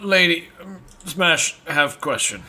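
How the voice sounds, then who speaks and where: A man voicing a simple, gentle male half-orc who speaks in broken grammar and refers to himself in the third person. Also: on the high side, expressive, takes it slowly, heavily acted. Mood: polite.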